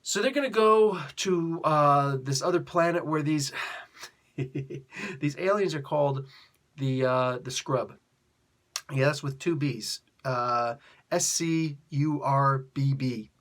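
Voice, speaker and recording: A man's voice: medium pitch, measured pace, a bit bright. A middle-aged man chatting casually as he reviews a comic book, laughing often and acting out the characters' lines.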